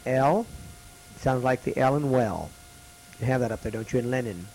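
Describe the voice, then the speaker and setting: A man teaching a classroom lesson, slowly repeating each letter's sound for students to copy. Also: medium pitch, vocal fry, a little mellow, slight background noise, poor audio.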